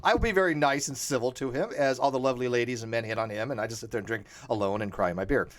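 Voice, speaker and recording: A man's voice: mid-range voice, racing. A man hosting a casual livestream chat, rambling and swearing freely as he tells stories. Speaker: host of an online debate community stream.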